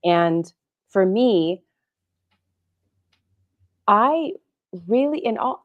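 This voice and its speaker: A woman's voice: mid-range voice, lively intonation, drawn-out words, pauses often, muffled recording. Earnest, heartfelt woman guest. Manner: earnest, emotional, reflective. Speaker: guest psychotherapist. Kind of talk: candid interview talk.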